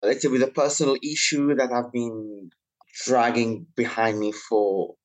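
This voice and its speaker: A man from Italy with an Italian accent, a writer and activist being interviewed as a podcast guest. He speaks in measured, drawn-out phrases, often hedging with fillers. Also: medium pitch, fairly even intonation, poor audio.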